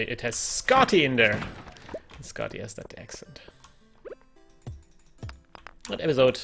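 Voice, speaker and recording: A man's voice: medium pitch, gravelly, a bit bright. A man giving chatty let's-play commentary, thinking aloud and exclaiming at what he finds in the game. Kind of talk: gameplay commentary.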